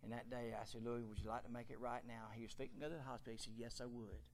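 A middle-aged man preaching a fervent sermon in a church, swinging from quiet storytelling to loud shouting. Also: mid-range voice, little pitch movement, rapid-fire. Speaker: pastor. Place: church sanctuary.

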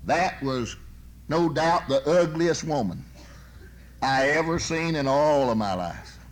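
A man's voice: on the high side, lively intonation, slow, a little hiss or hum. Folksy preacher man. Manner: folksy storytelling with sudden swings from loud to soft. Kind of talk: sermon.

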